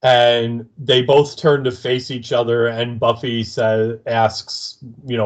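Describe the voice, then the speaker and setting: Brief: male podcast co-host, easygoing and amused, average pitch. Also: level tone, slow. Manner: chatty, laughing easily, hesitant fillers. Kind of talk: casual episode recap.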